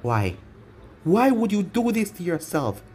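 A man voicing an angry, grieving older woman ninja leader who shouts in anguish. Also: on the high side, expressive, slow. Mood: anguished shouting.

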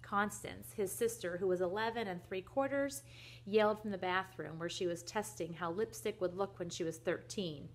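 A young woman reading a children's book aloud in a soft, gentle voice that at times drops almost to a whisper. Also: mid-range voice, moderate pace. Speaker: reader to children.

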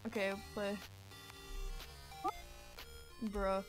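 A woman streaming a game live, talking to chat in an excitable, swear-filled way and shrieking when scared, with game music behind her. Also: medium pitch, takes it slowly, pauses often. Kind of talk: live gaming stream commentary.

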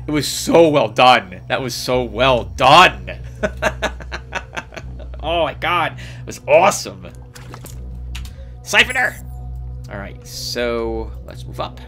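A man hosting a let's play, chatting casually and rambling excitedly as he plays, laughing often. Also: mid-range voice, slow pace, soft background music. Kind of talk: casual gameplay commentary.

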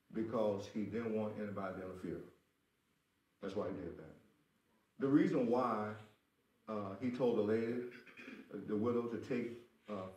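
A man with a lowish, darkish voice preaches a sermon as pastor, emphatically repeating phrases and speaking directly to the congregation. The recording has a roomy echo.

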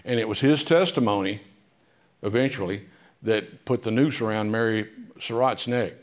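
A man giving an author talk in a library, telling history stories in a chatty, humorous way with many pauses and "uh"s. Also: fairly low pitch. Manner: chatty, humorous, with frequent "uh" fillers. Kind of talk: casual storytelling talk. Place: public library meeting room.

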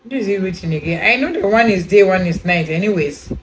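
A woman's voice: medium pitch, lively intonation, fast, a little hiss or hum, poor audio. A woman chatting casually about a skincare product, rambling and often asking viewers whether they follow her. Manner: chatty, rambling, with many repeated "you know" fillers; addresses viewers directly, asks if they understand. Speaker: beauty product reviewer. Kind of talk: casual product review vlog.

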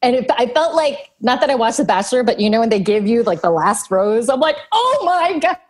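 A woman's voice: on the high side, quick pace, a little mellow. A woman, a puppeteer, telling an earnest, wide-eyed story. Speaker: puppeteer mentee. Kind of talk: casual anecdote.

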